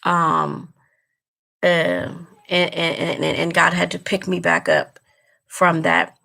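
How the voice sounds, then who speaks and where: A woman's voice: fairly low pitch, big pitch swings, slow pace, vocal fry, bright, forceful tone. A woman vlogger talking straight to her viewers in casual chat, earnest and emotional, repeating herself as she goes. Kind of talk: casual direct-to-camera chat.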